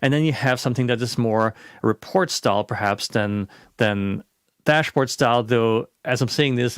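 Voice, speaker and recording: A man presenting a webinar talk in a relaxed, conversational way, with frequent restarts and fillers. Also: mid-range voice, gravelly, no echo, clean studio sound.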